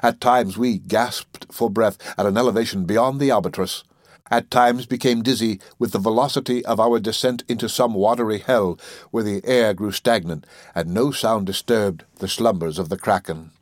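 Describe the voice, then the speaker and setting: A man with a fairly low voice reads an old literary tale aloud, measured and solemn in his delivery. The sound is dry and close, with no room around it. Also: dry recording. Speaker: narrator. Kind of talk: audiobook reading of classic literature.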